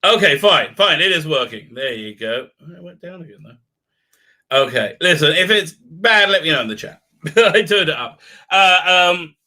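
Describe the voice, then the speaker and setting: Guy rambling on a livestream, very bright voice, lots of ums and restarts, reads the chat, mic level jumps around. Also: a little high, expressive, moderate pace. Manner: rambling, many fillers and restarts; chatty, reads out viewer comments. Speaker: livestream host. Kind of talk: live-stream chat with viewers. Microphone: desk mic with unsteady level.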